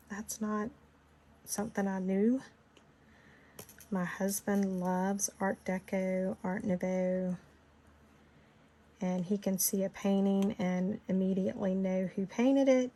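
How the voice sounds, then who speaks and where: A woman's voice: medium pitch, level tone, slow pace, pauses often, warm tone, slight background noise. A middle-aged woman with a Southern Georgia accent, chatting casually and rambling while she leads a design tutorial. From Florida. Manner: chatty, rambling, laughs easily. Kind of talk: casual screen-recorded tutorial chat.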